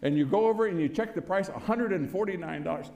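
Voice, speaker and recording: A man's voice: high-pitched, fast talker, vocal fry, darkish tone, slight background noise. Folksy older man speaking in echoey hall. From United States. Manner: storytelling, chuckling, punchy rhetorical questions. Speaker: former congressman giving a speech. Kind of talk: folksy public speech to an audience.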